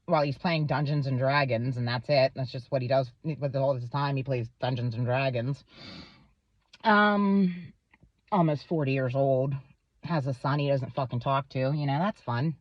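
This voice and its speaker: A woman's voice: rumbling low, moderate pace, no echo, muffled recording. A woman vlogger in a rambling, profane monologue to camera, full of fillers. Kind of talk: casual ranting monologue to camera.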